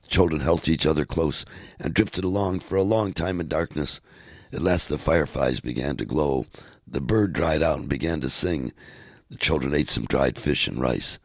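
Very deep, gravelly man reading a story. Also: no echo, clean studio sound. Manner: measured, steady reading. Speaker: narrator.

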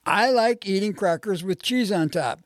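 A reader voicing a flustered woman teacher, pitched up a little and mildly exasperated. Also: normal speed, dry recording, studio quality, lightly acted. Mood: mildly annoyed.

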